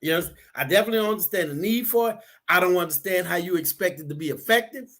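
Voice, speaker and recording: A man in casual talk, animated, acting out the people he quotes as he tells stories. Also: sits high, quick pace. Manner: animated storyteller, acts out quotes.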